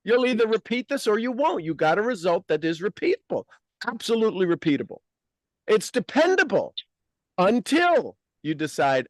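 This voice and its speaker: A man hosting a casual podcast conversation as a life coach, talking in an emphatic, blunt and animated way. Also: high-pitched, moderate pace, no room sound, clean studio sound.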